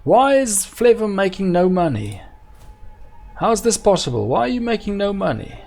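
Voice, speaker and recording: A man with a slightly raised, gravelly voice talks through his strategy game session as he plays it. He thinks out loud to his viewers and keeps asking, in plain bafflement, why the numbers don't add up. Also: sits high, big pitch swings, moderate pace, faint music behind. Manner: exasperated, keeps asking aloud why things don't work. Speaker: gameplay video host. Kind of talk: let's-play strategy game commentary.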